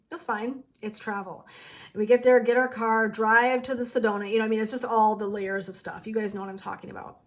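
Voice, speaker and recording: A middle-aged woman hosting a wellness channel, chatting casually to her viewers and giggling through a funny story. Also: mid-range voice.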